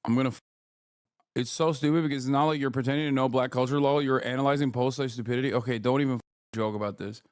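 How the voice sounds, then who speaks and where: A man's voice: medium pitch, fairly even intonation, fast talker, darkish tone, no echo, studio quality. A man ranting heatedly to his livestream chat about politics, profane and combative.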